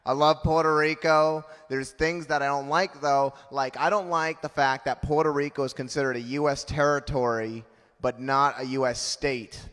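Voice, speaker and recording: A man's voice: medium pitch, fairly even intonation, normal speed, a bit bright, in a large hall. A man in his thirties doing a punchy, self-mocking stand-up comedy set on a club stage. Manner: punchy, self-mocking delivery with acted-out quotes.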